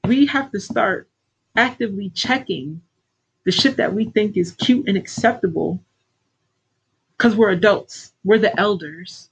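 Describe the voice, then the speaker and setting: Here the woman's mid-range voice carries vocal fry and a breathy edge as she talks at a measured pace. A middle-aged life coach on a livestream, she delivers a casual pep talk that's blunt, preachy and full of profanity, captured in low-quality audio.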